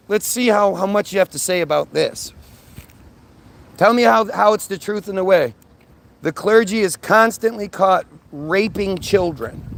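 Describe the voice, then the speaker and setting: A man's voice: high-pitched, creaky, a little hiss or hum. A man on a live stream answering viewer comments in a blunt, profane, combative rant.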